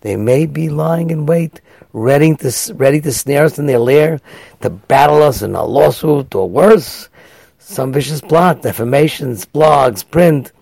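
A man's voice: a little high, unhurried, vocal fry, darkish tone, no echo. A man, a rabbi, delivering an earnest sermon that weaves in a story and builds to raised, emphatic passages.

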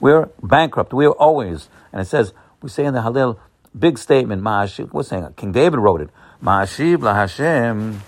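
A man who sounds like a rabbi, giving a holiday sermon. He talks haltingly, with many fillers, then builds to excited, emphatic bursts. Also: medium pitch.

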